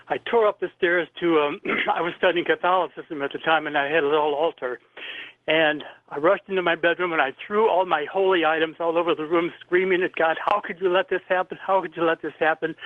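An older man from Indiana tells a personal story as a radio caller, his fairly high voice coming over a tinny phone line. He speaks earnestly and vividly and clears his throat from time to time. The sound is dry and close. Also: dry recording. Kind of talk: telling a personal story on a call-in radio show.

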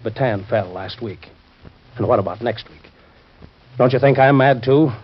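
An actor playing a stern, principled insurance company boss who talks in a firm, lecturing and sarcastic way, in 1940s radio acting style. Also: male voice, medium pitch, normal speed, husky, lightly acted. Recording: dull lo-fi old radio recording.

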